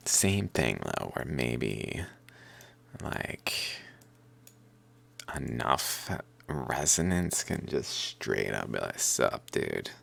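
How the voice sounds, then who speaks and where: A man's voice: extremely low pitch, sing-song, drawn-out words, vocal fry, long pauses, a bit bright. A man talking to himself in a loose, rambling monologue, swearing and laughing now and then. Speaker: vlogger.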